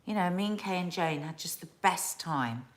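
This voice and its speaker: A middle-aged woman from England chats loosely on a home live stream, full of restarts and asides as she reads out viewer messages. Her voice sits a little low for a woman. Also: animated, normal speed. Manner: chatty, rambling, with restarts and asides. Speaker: host of a family live stream. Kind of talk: casual live-stream chat reading viewer comments.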